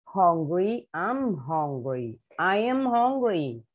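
A woman teacher, slowly repeating vocabulary words for young pupils in an English lesson. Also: lowish voice, sing-song, narrow, tinny audio. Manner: slow, repetitive drilling of vocabulary words. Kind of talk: online class for young children.

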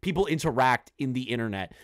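A man hosting a reaction commentary, speaking bluntly and crudely and slowing down hard to stress his points. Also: medium pitch, animated, no room sound, clean studio sound. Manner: blunt, crude, slows down for emphasis. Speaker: commentary host.

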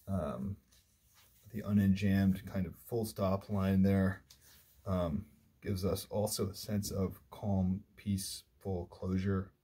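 Slow, mellow, husky male lecturer. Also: on the low side. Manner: thoughtful, unhurried, frequent fillers and restarts, reads poetry aloud. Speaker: literature lecturer.

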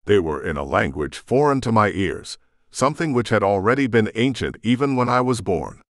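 Deep-voiced dramatic male narrator. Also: big pitch swings, normal speed, dry recording, studio quality. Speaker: audiobook narrator. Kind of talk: scripted first-person narration.

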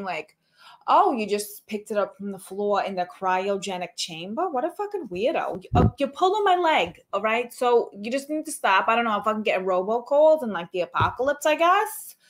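A woman's voice: mid-range voice, lightly acted. A woman voicing a brash, foul-mouthed young esthetician from Queens with a New York accent, filling her talk with "like". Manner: loud, swearing, says "like" constantly.

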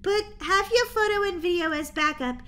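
A woman's voice: very high voice, moderate pace, fairly bright tone. A woman voicing a sensible, bossy teenage sister who talks in a dry, teasing way in a roleplay voiceover. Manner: matter-of-fact and teasing.

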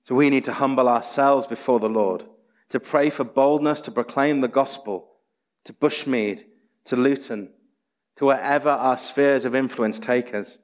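A man's voice: mid-range voice, normal speed. A man preaching a sermon as pastor, earnest and exhorting, full of rhetorical questions. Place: church sanctuary. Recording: long church hall reverb.

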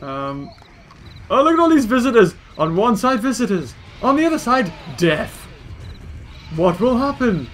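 A man narrating a game in a high voice that leaps up and down as he exclaims at every turn. He keeps up a running let's-play commentary, quick to gasp and cheer. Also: slight background noise. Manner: excitable, exclaiming at the action. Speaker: gaming video host.

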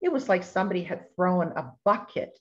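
A middle-aged woman telling a testimony story in an animated way, acting out the voices of the people she quotes. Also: fairly low pitch, fairly quick. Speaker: ministry speaker sharing testimony. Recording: dull lo-fi recording.

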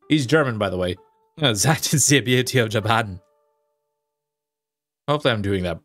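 Let's play host, man, lively up-and-down voice, playful and rambly. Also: fairly low pitch, moderate pace, long pauses, faint music behind. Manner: playful, animated, rambling with fillers. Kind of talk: gaming commentary, reading dialogue aloud.

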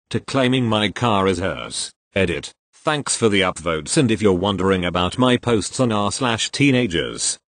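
A man's voice: fairly low pitch, no echo. A man reading online forum posts aloud, spelling out abbreviations letter by letter as he goes.

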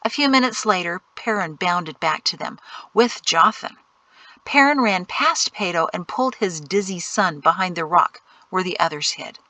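A woman narrating an audiobook in an expressive storytelling read. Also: lowish voice, moderate pace, no room sound. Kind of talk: scripted narration.

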